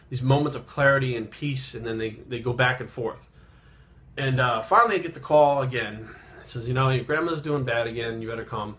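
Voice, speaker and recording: Guy in his 30s telling a story on his vlog, halting and rambly, swears a lot, kinda subdued. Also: mid-range voice, fairly bright tone. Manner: subdued and reflective. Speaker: fitness vlogger.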